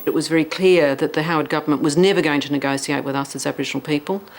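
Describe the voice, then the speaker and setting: Earnest, fast-talking interviewee. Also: mid-range voice, fairly even intonation, creaky. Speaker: Aboriginal commentator. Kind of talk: documentary interview.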